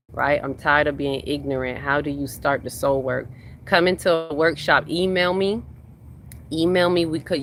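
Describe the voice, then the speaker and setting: A medium-pitched, fairly bright voice belongs to a spiritual workshop host chatting casually during a livestream. They read out viewers' comments, respond to them, and repeat phrases to stress points, over a faint hiss or hum.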